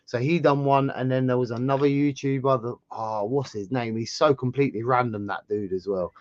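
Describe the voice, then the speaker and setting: An English man with a sore throat, telling a travel story in casual chat as a channel host, animated and rambling. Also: brisk, no echo, muffled recording. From England. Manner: chatty storyteller, animated swings in pitch and loudness.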